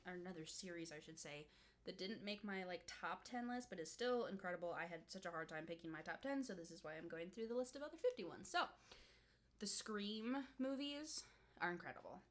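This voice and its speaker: A woman's voice: fairly low pitch, expressive, quick pace. A young woman chatting casually about horror movies, rambling with lots of fillers and laughs. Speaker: podcast co-host. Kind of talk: casual chat.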